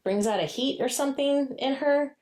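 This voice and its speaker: A woman co-hosting a podcast, chatting loosely about a book, with many fillers and laughs, and now and then she acts out the characters' lines in a playful high voice. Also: normal speed, darkish tone. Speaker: podcast co-host. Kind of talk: casual book-discussion chat.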